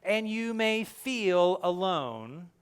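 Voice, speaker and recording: A young adult male pastor giving a sermon, telling the story with lively, acted-out quotes and earnest direct address. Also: sits high, extremely slow, clean tone. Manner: animated storytelling, acting out quoted lines.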